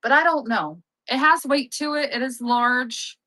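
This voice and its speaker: A woman's voice: high voice, unhurried, bright, forceful tone, no room sound, poor audio. A young woman hosting a live-selling stream, chatting casually, upbeat and often laughing at herself. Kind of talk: casual live-sale chat.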